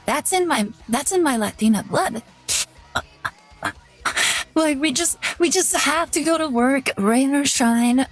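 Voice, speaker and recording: A woman's voice: high-pitched, slow pace, pauses often, faint music behind. A young woman streaming live, chatting casually and rambling, with lots of "like" in her talk. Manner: rambling, chatty, heavy use of "like". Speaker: VTuber streamer.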